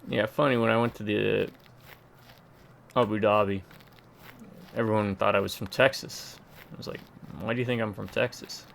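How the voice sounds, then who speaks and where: A young man from Georgia, USA, provides casual let's-play commentary, muttering running remarks and dry quips as he plays. His voice is on the low side and gravelly, with fairly even intonation, a fairly bright tone, a moderate pace and frequent pauses. There's a little hiss or hum in the audio.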